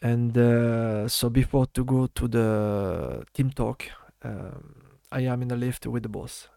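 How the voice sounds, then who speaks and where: A middle-aged man with a French accent talks in a gravelly, creaky voice at a middling pitch. His English is halting and full of fillers. The sound is close and dry, with no room around it. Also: dark tone, no room sound. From France. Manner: halting non-native English with many fillers. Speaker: former footballer guest. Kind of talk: casual interview.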